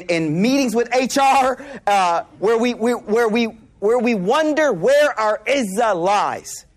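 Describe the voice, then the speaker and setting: A man giving a sermon to a live audience, telling stories in an animated way, laughing as he goes, and using casual slang with lots of repeated words. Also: very high voice. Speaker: Islamic speaker.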